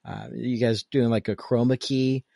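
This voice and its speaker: A man's voice: mid-range voice, little pitch movement, moderate pace, dark tone, dry recording, clean studio sound. A man co-hosting a casual podcast chat, curious and asking questions with hesitant fillers. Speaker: co-host.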